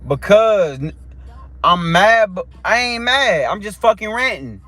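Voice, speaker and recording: A man's voice: sits high, lively intonation, measured pace, bright, forceful tone, no room sound. A young man ranting in a preachy, heated live-stream monologue, full of street slang and repeated questions.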